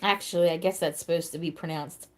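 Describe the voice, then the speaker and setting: A woman hosting a casual live stream, chatting with viewers by name and thinking out loud. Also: lowish voice, fairly even intonation, quick pace. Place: seated at home in a wheelchair.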